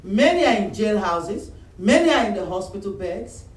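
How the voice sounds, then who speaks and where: Man, pastor, animated sermon, acts out voices, high voice, echoey church hall, mic some way off. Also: normal speed. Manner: animated preaching, acts out phone calls and voices of church members. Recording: roomy echo, mic at a distance, faint room noise.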